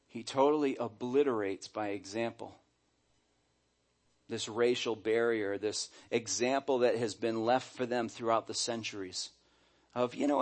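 A middle-aged man preaching a sermon as pastor, animated and acting out quoted voices. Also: medium pitch.

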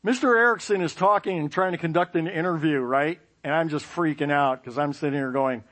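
A man telling a personal story with self-mocking humor, lively sound effects and playful asides. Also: a little high, brisk, hardly any pauses. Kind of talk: personal anecdote.

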